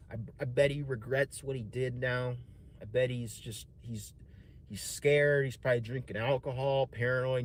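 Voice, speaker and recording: A man's voice: medium pitch, a little hiss or hum. Rambling, cursing man telling a story. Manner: rambling, profane, full of "man" and "dude". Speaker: streamer. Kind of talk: casual personal storytelling.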